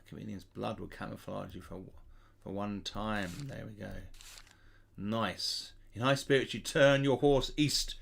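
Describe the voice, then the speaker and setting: A man's voice: on the low side, gravelly. A man hosting a channel, reading a gamebook aloud with casual asides to his viewers. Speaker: gamebook player and channel host.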